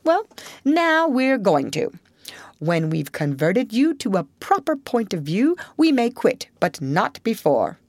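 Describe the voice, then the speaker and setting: A woman's voice: medium pitch, big pitch swings, takes it slowly, darkish tone, dry recording, pitched above the performer's own voice, full character voice. A woman playing solemn stern Badger. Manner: solemn, firm, scolding. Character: stern, solemn old male badger, firm leader.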